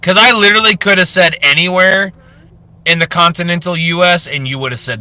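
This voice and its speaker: A man in his thirties from Florida, hosting a casual fitness livestream, reading chat aloud and telling stories with animated jokes. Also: medium pitch, fast. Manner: animated joking storyteller, reads chat aloud. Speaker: fitness livestream host, former drill sergeant.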